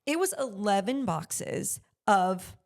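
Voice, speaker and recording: A middle-aged woman, a podcast guest who owns a luxury consignment store, telling candid, animated stories and acting out the voices she quotes. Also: mid-range voice, slow pace, gravelly. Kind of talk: conversational interview storytelling.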